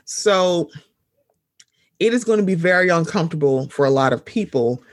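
A man's voice: fairly high pitch, animated, moderate pace, no echo, clean studio sound. A man reading an article aloud and breaking off to add his own emphatic commentary.

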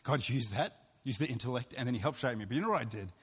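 A man's voice: mid-range voice, animated, fast, fairly bright tone, husky. A man preaching a sermon as pastor, earnest and storytelling, acting out what other people said. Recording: long hall reverb.

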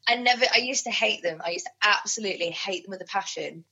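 A woman from southern England with a southern accent mixed with northern English, a podcast guest and musician, chatting in a playful, giggly way with a husky voice. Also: medium pitch, fast, sharp tone. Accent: southern English with picked-up northern English. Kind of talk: casual chat. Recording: dull lo-fi sound.

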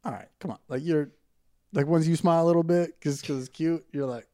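A man's voice: fairly high pitch, fairly even intonation, brisk, dark tone, dry recording, clean studio sound. A man rambling through jokey stories in casual crude podcast banter. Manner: joking, rambling storyteller.

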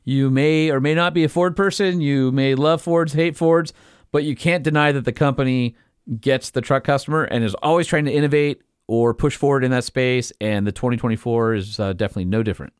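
A man co-hosting a podcast in casual chat, explaining things in technical detail with plain excitement. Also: mid-range voice, fairly quick, clear, resonant tone, dry recording, studio quality. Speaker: podcast co-host.

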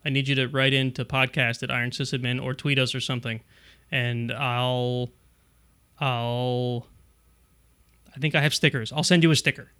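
A man's voice: medium pitch, fairly even intonation, moderate pace, long pauses, bright, forceful tone, smooth. A middle-aged man co-hosting a casual tech podcast, rambling and restarting his sentences with frequent chuckles. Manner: rambling, self-interrupting, chuckling. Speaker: podcast co-host.

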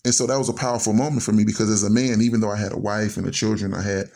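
Gravelly low-voiced man telling his story. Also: fairly even intonation, very fast, dark tone. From Chicago, USA. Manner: earnest, conversational, repeats "and so". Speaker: storyteller guest. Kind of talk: personal storytelling.

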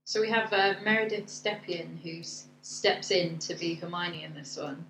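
A woman's voice: fairly low pitch, moderate pace, a bit bright. A woman co-hosting a podcast, recapping the plot and agreeing readily. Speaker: podcast co-host. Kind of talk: casual chat reviewing a musical. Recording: echoey room with faint noise.

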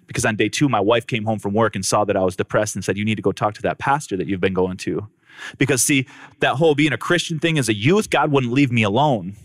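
Man, testimony storytelling, dramatic delivery, talks right to the crowd, dry close sound, mid-pitched voice. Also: a bit bright, no echo. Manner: dramatic storyteller who acts out the dialogue; speaks directly to the crowd. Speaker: speaker giving a personal testimony.

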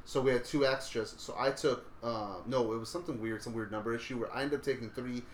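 A man's voice: mid-range voice, steady tone, quick pace. A young man telling a story in laid-back, casual talk, swearing freely as a podcast guest. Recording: roomy with faint noise.

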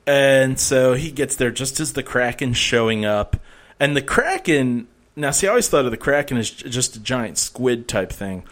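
A man's voice: medium pitch, expressive, normal speed, fairly bright tone. Man co-host, rambling, sarcastic, laughs a lot, casual chat. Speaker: podcast co-host.

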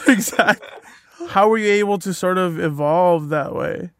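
Slightly high-voiced male podcast host. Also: moderate pace. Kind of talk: casual interviewing and scripted narration.

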